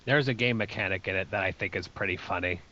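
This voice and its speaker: A man's voice: sits low, fast talker, pushed and bright. A man co-hosting a casual gaming podcast, speaking in a matter-of-fact way. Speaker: podcast co-host. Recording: dull lo-fi with faint hiss.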